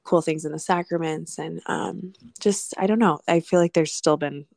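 A woman in her thirties talks through a casual podcast chat, her voice sitting low with a gravelly edge. She rambles and reflects, full of fillers, and the sound is dry and close. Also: steady tone, moderate pace, a little mellow, no room sound. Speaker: podcast co-host.

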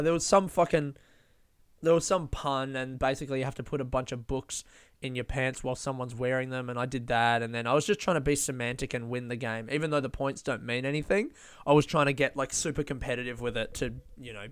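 Young man, podcast storytelling, animated, swears often, smooth voice, dry sound. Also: medium pitch, no room sound. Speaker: podcast host and comedian. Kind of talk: casual storytelling.

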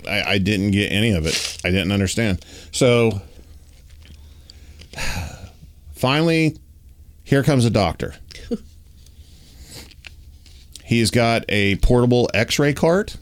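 A man's voice: takes it slowly, pauses often. A man telling a personal story in casual chat, acting out the dialogue and talking with lots of fillers. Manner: animated, acts out dialogue with raised pitch; uses many fillers like "like" and "you know".

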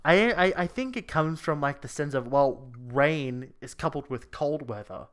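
A young man with a slightly higher-pitched voice co-hosts a relaxed podcast. He is playful and quick to laugh, and his banter often turns into giggles. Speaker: podcast co-host. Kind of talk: casual podcast chat.

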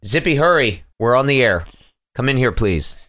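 Brief: middle-aged man, podcast co-host, casual chat, animated and stammering, mid-pitched voice. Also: normal speed, dry recording. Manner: animated storyteller, frequent stammers and restarts.

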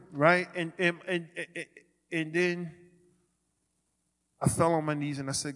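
A man giving a sermon testimony as a ministry leader, stammering and restarting, swinging from quiet asides to loud declarations. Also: fairly high pitch, steady tone, unhurried, long pauses, long reverb tail.

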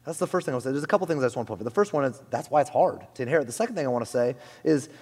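A man preaching a sermon in a conversational, animated way, often saying "like" and "you know", in a church hall. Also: mid-range voice, rapid-fire. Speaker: pastor.

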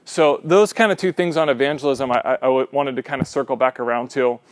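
A young man leading a teaching discussion, animated and often checking in with a quick "right?", sometimes restarting mid-sentence. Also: mid-range voice, no room sound, studio quality. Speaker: class leader.

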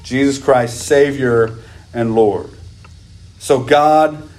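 A man preaching a sermon as pastor, stressing words through repetition and slowing down for scripture. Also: mid-range voice, a little mellow, slight background noise. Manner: repeats phrases for emphasis, slows to stress scripture; asks the congregation questions.

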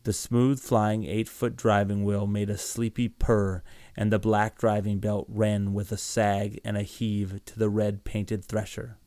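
A man narrating a story in a steady, measured reading. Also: lowish voice, no echo.

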